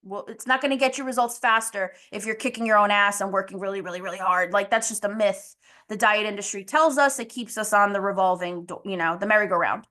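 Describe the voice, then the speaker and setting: A woman's voice: medium pitch, quick pace, pushed and bright. A woman health coach in a casual monologue, candid and blunt, laughing often and swearing casually.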